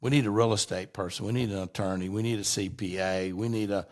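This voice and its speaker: A man's voice: lowish voice, steady tone, fast talker. A middle-aged man, a guest on an interview show, telling long rambling anecdotes in a casual way and often restarting his sentences.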